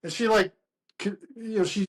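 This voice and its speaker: Casting: middle-aged man, bar-talk guest, high voice, rambling storyteller. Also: normal speed, husky. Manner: rambling, laughing, quotes others in animated voices. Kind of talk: casual storytelling chat.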